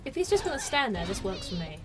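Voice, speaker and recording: A woman's voice: mid-range voice, big pitch swings, fast talker, music in the background. A woman playing a video game live, joking to herself and crying out as she plays. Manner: playful, exclaiming, joking to herself. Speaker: game streamer. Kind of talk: live gameplay commentary.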